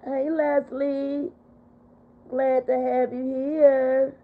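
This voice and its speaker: Older woman, livestream host, higher voice, heartfelt and repeating herself, tinny phone audio. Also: drawn-out words. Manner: heartfelt, repetitive, upset but steady. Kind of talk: casual livestream chat.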